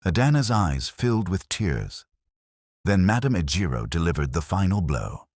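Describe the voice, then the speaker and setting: A man narrates a folktale from a script, in a dramatic and expressive way. His voice is extremely deep and husky. The recording is dry and close, with no room sound. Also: unhurried, no echo. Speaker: storyteller.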